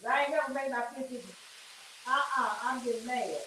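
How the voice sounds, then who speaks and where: Woman, high-pitched, chatty, roomy kitchen, frying sizzle. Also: steady tone, normal speed, pushed and bright, a little hiss or hum. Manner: chatty, folksy, calls viewers honey and child. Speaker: livestream host and weekend DJ. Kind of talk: casual livestream chat while cooking. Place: home kitchen. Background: fish frying and sizzling.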